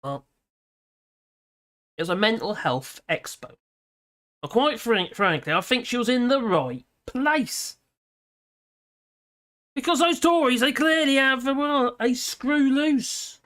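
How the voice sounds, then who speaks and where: Expressive and on the high side, with a bit of brightness, her voice moves at a slow pace with frequent pauses. The speaker is a middle-aged British woman hosting a laid-back political livestream from home, dogs nearby, who rambles, laughs a lot and reads out comments from viewers.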